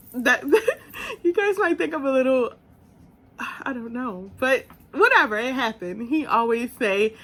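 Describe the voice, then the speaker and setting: A young woman vlogger telling a personal story in a casual, animated way. She laughs often and acts out the quotes. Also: fairly high pitch.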